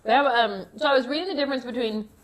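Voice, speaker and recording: A woman co-hosting a homestead channel, chatting casually in her kitchen while tasting cookies. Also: very fast. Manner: chatty, giggly, lively pitch. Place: home kitchen.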